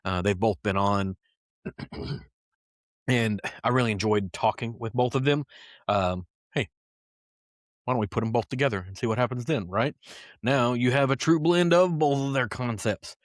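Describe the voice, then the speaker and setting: A man's voice: mid-range voice, moderate pace, pauses often, no room sound, studio quality. A man hosting a casual whiskey podcast, talking loosely with plenty of fillers and asides. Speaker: podcast host.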